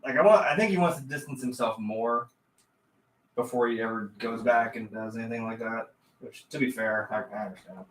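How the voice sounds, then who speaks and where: A young man co-hosting a casual livestream chat, animated, swearing and teasing his friend. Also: medium pitch, brisk. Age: young adult. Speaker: guest co-host. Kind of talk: casual chat while building. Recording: roomy and distant with faint noise.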